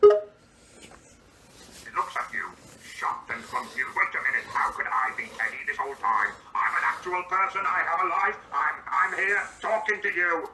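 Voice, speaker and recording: A man's voice: fairly high pitch, normal speed, close to an everyday voice. A synthetic male voice playing an indignant, easily baffled grown man, reading out his own stage directions before each line. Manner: synthetic, evenly paced delivery. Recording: echoey and distant, faint background hiss.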